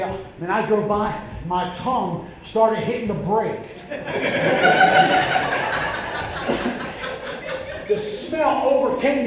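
High-voiced preacher in an echoey church. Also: male voice, slight background noise. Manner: storytelling preacher, repeats words, builds to shouts. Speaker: pastor. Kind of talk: sermon. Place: church sanctuary.

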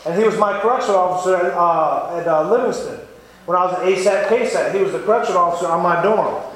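A man's voice: high-pitched, fast talker, a bit bright. A man giving an earnest, repetitive testimony sermon in a church. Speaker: lay preacher giving testimony. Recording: echoey church room, faint noise.

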